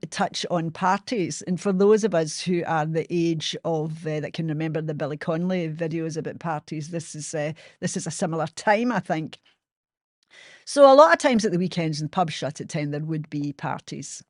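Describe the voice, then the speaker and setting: A woman's voice: sits low, no room sound, clean studio sound. A Glaswegian Scottish woman in her sixties, telling personal stories as a podcast host in a frank, chatty way, swearing freely and poking fun at herself. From Scotland. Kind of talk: personal storytelling monologue.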